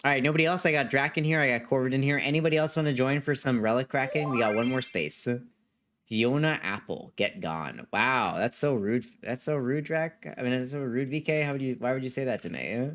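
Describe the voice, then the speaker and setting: Live-streaming a video game, this man talks a little fast in a mid-range, fairly bright voice. He reads chat messages and rambles casually with his viewers, frequently saying the same things again.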